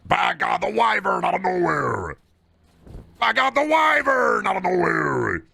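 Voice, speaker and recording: A man putting on a frantic wrestling announcer voice, shouting excitedly over a game. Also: sits high, a little slow, creaky, voice pushed up, heavily acted. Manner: shouting excitedly, far from the mic.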